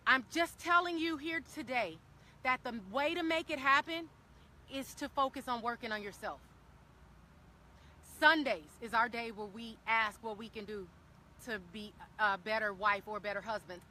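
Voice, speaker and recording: A woman's voice: a little high, moderate pace, pushed and bright. Earnest woman on a live vlog. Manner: earnest, encouraging, repeats key phrases for emphasis. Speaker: wellness vlogger speaking to live viewers. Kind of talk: impassioned live-stream talk. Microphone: handheld phone camera.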